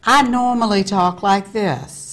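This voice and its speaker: A woman's voice: mid-range voice, slow pace. A woman with a Southern accent, co-hosting a chat show and talking in a chatty, reflective way. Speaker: co-host. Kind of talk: casual talk-show chat.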